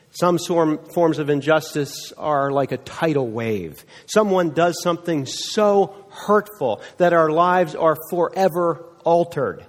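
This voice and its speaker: A man preaching a sermon, telling stories earnestly with dramatic pauses. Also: a little high. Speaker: pastor. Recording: long reverb of a large hall.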